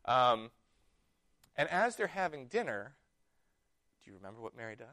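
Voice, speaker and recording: Man, sermon, animated storytelling, lively voice, dry close sound. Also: mid-range voice, moderate pace, dry recording. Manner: animated storytelling, acting out quotes with big swings from loud to hushed. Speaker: preacher.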